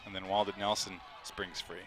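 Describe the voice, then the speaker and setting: Bright-voiced male sports commentator. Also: low voice, flat delivery, slight background noise. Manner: quick, chatty, laughs easily. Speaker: play-by-play commentator.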